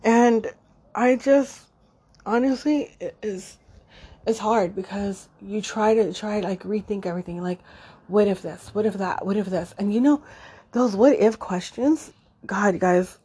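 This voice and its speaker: A middle-aged woman talking unscripted and emotionally, halting with many fillers and restarts, choked up and near tears. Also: medium pitch, warm tone, breathy edge. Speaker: podcast host. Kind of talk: unscripted personal monologue.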